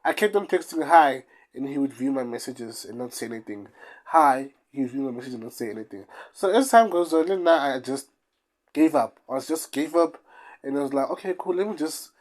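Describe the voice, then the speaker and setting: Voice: mid-range voice, lively intonation, fairly quick. A young adult from South Africa with a South African accent, telling a personal story in a casual vlog, rambling and repeating phrases for emphasis. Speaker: YouTuber.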